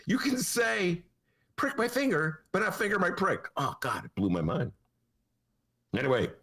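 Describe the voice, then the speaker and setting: A man hosts a podcast in a loose, comic monologue. His pitch swings wildly, and he leaps into high, mocking voices. The delivery stays sarcastic and playful throughout. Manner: animated and sarcastic, jumps to high mock voices. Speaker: podcast host, newspaper columnist.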